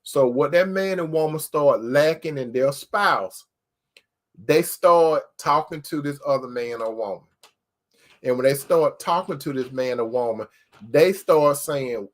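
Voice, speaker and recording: A man's voice: on the high side, measured pace. A man hosting an informal preaching talk, earnest and emphatic, who keeps addressing his listeners as brothers and sisters and repeats his points. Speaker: host.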